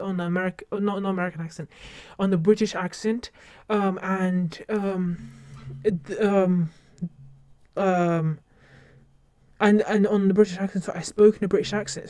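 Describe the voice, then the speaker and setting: A young woman streamer in casual live-stream chat, talking quickly and rambling, with lots of fillers and restarts. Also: medium pitch, dark tone, no room sound. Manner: rambling, fast and talkative with many fillers. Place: home streaming setup.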